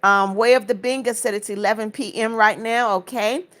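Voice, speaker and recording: Woman from Florida, livestream host, reads comments aloud, friendly replies, slightly high voice. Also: steady tone, normal speed, fairly bright tone. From Florida, United States. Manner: reads viewer comments aloud and answers each one; friendly greetings and blessings to viewers. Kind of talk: casual livestream chat.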